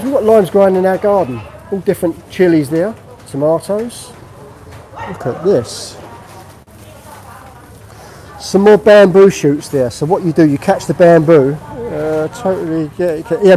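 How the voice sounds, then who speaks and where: A man's voice: sits high, unhurried, dark tone, rough recording. A man from England chatting casually on a live stream while he walks through an outdoor market, explaining what he shows. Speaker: vlogger.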